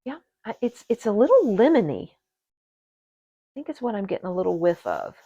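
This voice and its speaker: A woman hosting an orchid channel, chatting to her viewers in a gushing, excitable way while unboxing at a table indoors. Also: medium pitch, moderate pace, dry recording, muffled recording. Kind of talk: casual unboxing chat to viewers. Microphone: camera set on the table.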